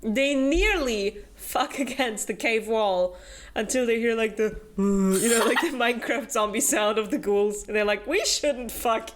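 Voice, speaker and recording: A woman's voice: a little high, a little slow, noisy background. A young woman summarizing a book for her club in loose, casual chat. She fills the talk with fillers and breaks into little acted voices for each character, laughing along the way. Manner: chatty, filler-heavy, acts out character quotes with laughs.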